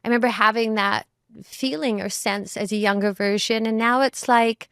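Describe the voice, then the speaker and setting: Woman guest, mother, reflective and searching, a touch high, dry close mic. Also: steady tone, normal speed, fairly bright tone, clear, resonant tone, no echo. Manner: thoughtful, frequent "you know" and "like" fillers. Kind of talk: reflective conversation.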